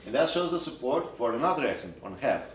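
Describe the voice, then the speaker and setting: A man teaching a Byzantine chant class, explaining in halting phrases and breaking into short sung examples. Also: mid-range voice, big pitch swings, slight background noise. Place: church hall or classroom. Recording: echoey room, recorded from a distance.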